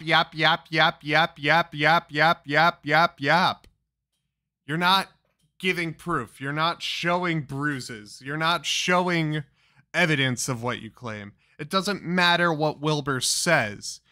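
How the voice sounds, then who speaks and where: Male commentator, bright slightly high voice, slow and mocking, swears a lot. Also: no echo, clean studio sound. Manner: profane, mocking. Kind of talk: reaction commentary.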